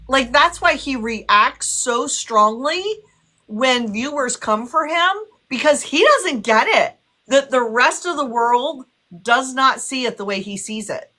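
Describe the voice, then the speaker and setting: Slow, bright-voiced woman interviewer. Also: sits high. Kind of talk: conversational interview.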